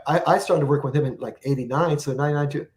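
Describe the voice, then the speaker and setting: A man's voice: on the high side, very fast, a little mellow. A man as the guest on an interview show, telling long rambling anecdotes and acting out what people said. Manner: rambling anecdotes with acted-out quotes. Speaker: guest musician. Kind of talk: storytelling interview.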